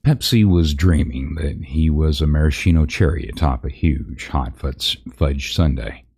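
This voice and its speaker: A man's voice: rumbling low, measured pace, vocal fry, a little mellow, husky. A man reading a parody fantasy story aloud on a live stream, chatting with viewers and laughing at his own slips.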